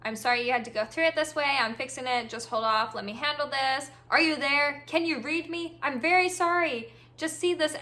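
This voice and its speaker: A woman voicing a pushy female buyer who poses as a frail senior, pleading and insistent, in a high bright voice. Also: a little fast, few pauses.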